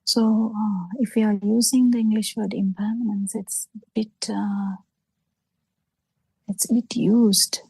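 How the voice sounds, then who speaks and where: A woman giving a Buddhist teaching over a video call, halting, with many pauses and fillers, often falling into soft breathy half-whispers. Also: medium pitch, flat delivery, dry recording, poor audio. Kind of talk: slow spoken dharma talk on a video call.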